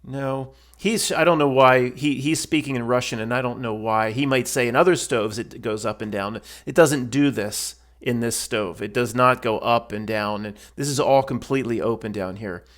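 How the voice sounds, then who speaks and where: Man, mid-pitched, casual and blunt, rambling voice-over commentator. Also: moderate pace, hardly any pauses. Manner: blunt, rambling, with many restarts and fillers. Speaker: stove builder commenting on a video.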